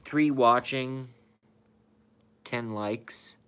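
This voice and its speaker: A man's voice: medium pitch, very slow, pushed and bright, clear, resonant tone. A tired man who has been up all night, chatting casually and profanely on a live stream, rambling and talking to his cat and viewers.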